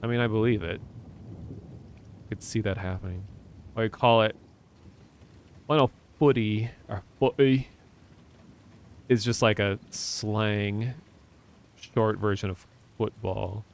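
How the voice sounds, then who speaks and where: Rambling, low-voiced American streamer. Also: male voice, level tone, measured pace, gravelly, long pauses, smooth. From Minnesota, USA. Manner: rambling, chatty, talks to chat. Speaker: livestreamer. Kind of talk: casual chat while playing games.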